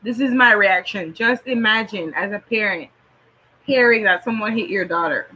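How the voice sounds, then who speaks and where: A woman's voice: mid-range voice, normal speed, bright, forceful tone, rough recording. A woman giving casual, blunt reaction commentary on a video, laughing as she talks. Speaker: reaction vlogger.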